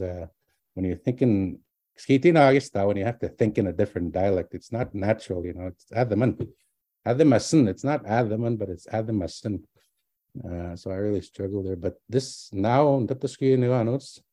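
A man's voice: on the low side, warm tone, dry recording. A middle-aged man, a language teacher, casually telling his own story in a rambling way, with many restarts. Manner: rambling, restarts often, mixes in words from another language. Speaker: language teacher and doctoral student.

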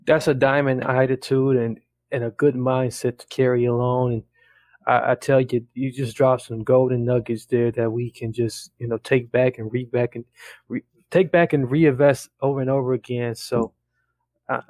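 Flat-voiced, affirming male co-host. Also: mid-range voice, normal speed, dry recording. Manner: affirming, praising the other speaker. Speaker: podcast co-host. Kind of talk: casual podcast talk.

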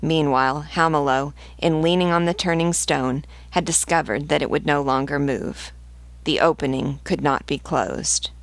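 A woman, a literature teacher, reading a novel aloud in a measured, steady way. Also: sits low, dry recording.

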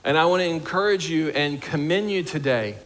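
A man preaching a sermon to a congregation, conversational and humorous, slowing down and dropping soft for emphasis. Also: on the high side. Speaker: pastor.

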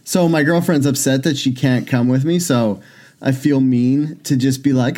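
A young man co-hosting a casual comedy podcast, rambling and self-mocking, and jumping into silly high voices when he quotes people. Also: moderate pace, mellow. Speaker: podcast co-host.

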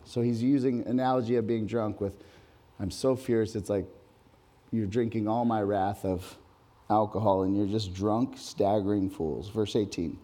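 A man delivering a sermon to a congregation in a church hall. His voice is mellow and dark in tone. His delivery is animated, swinging from quiet asides to loud, high-pitched reading of scripture. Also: moderate pace. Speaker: pastor.

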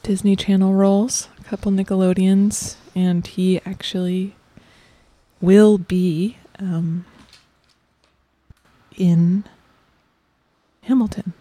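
A woman playing the weary guardian of a child performer, talking haltingly with many ums and sometimes dropping to a whisper. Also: mid-range voice, little pitch movement, mellow, no room sound. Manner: halting and hesitant, full of ums, drops to a whisper. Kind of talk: improvised comedy interview character.

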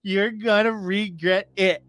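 The game master voicing a cocky, excitable male gambler who boasts loudly and babbles when things go wrong. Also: medium pitch, slow pace, no room sound, voice pushed up. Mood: desperate boasting. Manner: boastful, babbling, rising to near shouts.

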